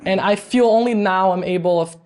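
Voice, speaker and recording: A woman from Brazil, a podcast guest, telling stories in an animated way and laughing often as she talks. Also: mid-range voice, fairly quick. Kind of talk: storytelling in a podcast interview.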